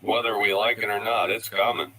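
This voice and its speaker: A deep-voiced man narrating in a flat, deadpan monotone with a sarcastic edge. His tone is very bright and sharp, with faint ambient noise behind him. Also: a little fast, low-quality recording. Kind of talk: sarcastic voice-over commentary.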